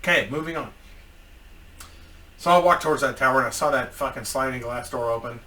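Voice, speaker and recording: Sharp-voiced, profane man rambling on. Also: medium pitch, fairly quick, far from the mic. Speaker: YouTuber. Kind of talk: casual storytelling vlog.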